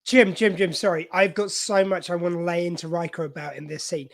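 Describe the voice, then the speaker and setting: A man co-hosting a podcast in casual chat, animated, cutting in and acting out quotes. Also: high voice, fairly quick. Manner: animated, interrupts, acts out quotes. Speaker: podcast co-host.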